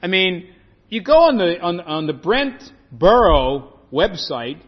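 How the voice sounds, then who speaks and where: A man preaching a sermon to his congregation, lively and animated, acting out the scripture story in voices. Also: high voice, slow, breathy edge. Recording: muffled echoey hall.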